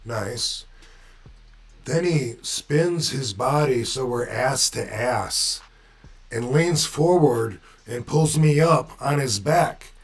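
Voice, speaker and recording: A man's voice: mid-range voice, expressive, takes it slowly, faint music behind. A man casually telling a story, laid-back, chuckling at times, and swearing freely.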